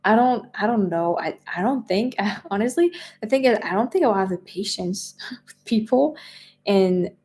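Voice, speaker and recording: A woman's voice: medium pitch, animated, normal speed, a little mellow. A woman with a French accent, a native French speaker, hosting a casual live stream chat, reading viewer questions aloud, laughing often and restarting her sentences. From France. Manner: chatty, laughs often, repeats words and restarts.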